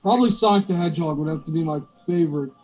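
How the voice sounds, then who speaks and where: A man's voice: a little high, very fast, crowd noise. A young man joking around in a casual group podcast chat. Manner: jokey, playful.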